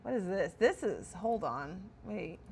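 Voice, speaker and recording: A woman's voice: on the low side, very animated, measured pace, creaky, darkish tone, slight background noise. A woman streaming casual commentary while touring a player-built game house, chatty and full of wonder, correcting herself as she goes.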